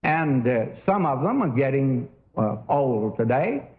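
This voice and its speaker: A man's voice: mid-range voice, big pitch swings, unhurried. Older male preacher on a tinny recording. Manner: folksy, storytelling with many fillers. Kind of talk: sermon. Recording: tinny phone-like old recording.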